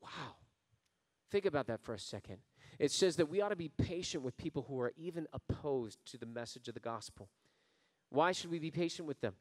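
A man's voice: a little high, animated, a little fast. Man preaching in a reverberant hall. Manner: preaching with swells of emphasis and quiet drops; folksy storytelling. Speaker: pastor. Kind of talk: sermon.

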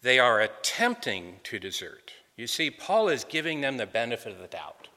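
A man's voice: medium pitch, big pitch swings, normal speed, pushed and bright, in a large hall. A man preaching an earnest expository sermon, often repeating words as he restarts a phrase.

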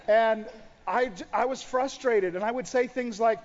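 A man's voice: high-pitched, moderate pace. A middle-aged male pastor preaching a sermon, telling his own story and acting out his past prayers. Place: church auditorium. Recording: dull sound in a large reverberant church hall.

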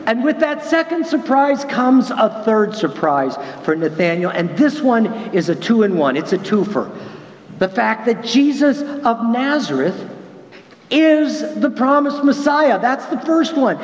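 A man preaches in a high voice, animated and expressive, acting out each quoted line. His voice carries through a big echoey hall with a long ringing reverb. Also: a little slow. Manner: animated, acts out quoted lines with big pitch jumps. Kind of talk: sermon.

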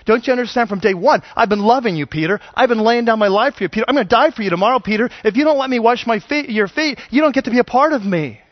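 A man voicing Jesus as a calm, firm teacher who speaks gently and earnestly, on a dull lo-fi sermon recording. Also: quick pace, hardly any pauses, no echo. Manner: low, gentle, earnest, hushed.

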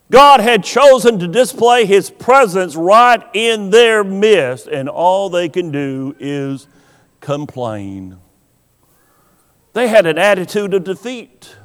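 A man preaching a sermon, slow and emphatic, acting out the voices he quotes. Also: high voice, clear, resonant tone. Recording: long hall reverb.

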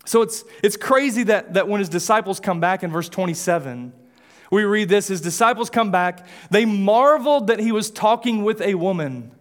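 A male pastor with a notably high voice delivers a sermon in church. He talks in a relaxed, conversational way and slips casual asides into his storytelling. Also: moderate pace.

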